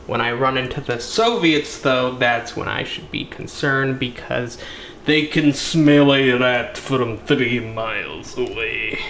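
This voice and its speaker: Goofy slow-talking gamer man. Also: mid-range voice, a bit bright, echoey room, a little hiss or hum. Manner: goofy, joking, puts on silly voices. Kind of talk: let's play commentary.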